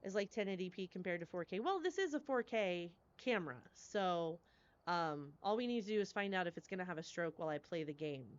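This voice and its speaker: A woman's voice: on the low side, expressive, brisk, lo-fi sound. A woman streamer chatting live with her viewers, effusive and gushing as she thanks them, and rambling between topics. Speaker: horror game streamer.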